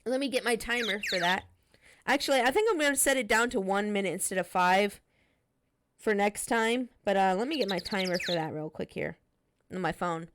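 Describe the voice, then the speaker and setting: A woman streamer chatting casually with her viewers, in a chatty, relaxed and apologetic manner. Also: medium pitch, fairly quick, background noise. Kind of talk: casual live-stream chat.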